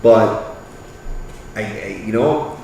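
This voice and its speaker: A man's voice: fairly low pitch, takes it slowly, warm tone, slight background noise. A man talking in a casual chat, blunt and profane, often asking whether the listener gets what he is saying. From Canada. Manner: blunt and profane, repeats "you get what I'm saying". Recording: echoey, far from the mic.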